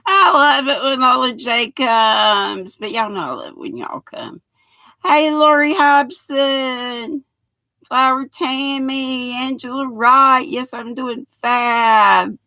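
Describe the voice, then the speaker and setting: High-pitched and slow, with a sharp tone and no echo, an older Southern-accented woman from North Carolina hosts a laid-back livestream. She chats folksily and says hello to her viewers individually by name.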